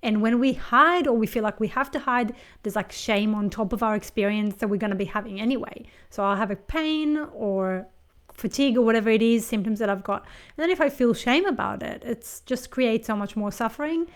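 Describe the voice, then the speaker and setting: A woman interviewer asking reflective questions and responding in a thoughtful, measured way. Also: a little high.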